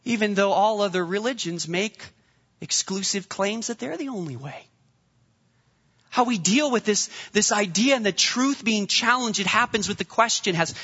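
A man's voice: sits high, expressive, moderate pace, pushed and bright, slightly rough. A male pastor preaching a sermon, emphatic and fond of repeating rhetorical questions. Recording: dull reverberant hall recording.

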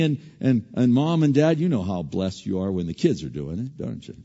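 A man preaching a sermon, animated, swinging from loud emphasis to hushed asides and often repeating words as he restarts. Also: fairly low pitch, moderate pace, hardly any pauses, in a large hall, highs cut off.

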